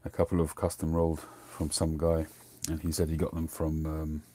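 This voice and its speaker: A man's voice: rumbling low, monotone, normal speed, dark tone. A middle-aged man, hosting a casual livestream chat, rambling and drifting off topic as he talks. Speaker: host.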